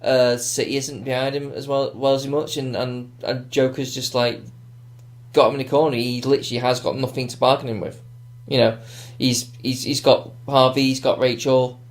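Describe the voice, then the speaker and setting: A man's voice: medium pitch, flat delivery, moderate pace. Guy rambling thru a movie review on a podcast, lots of fillers, just chatting. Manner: rambling, filler-heavy, keeps restarting. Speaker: podcast co-host. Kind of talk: casual film review chat.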